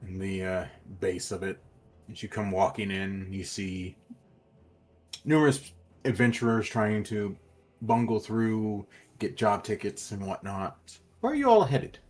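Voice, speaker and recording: Male game master, husky low voice, halting filler-heavy narration. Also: fairly even intonation. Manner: hesitant, filler-heavy description.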